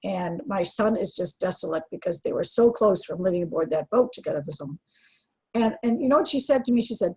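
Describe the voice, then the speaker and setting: A woman's voice: fairly low pitch, expressive, brisk, a little mellow, husky, low-quality recording. An older woman speaking earnestly and from the heart as an interview guest, with frequent restarts. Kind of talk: emotional personal interview.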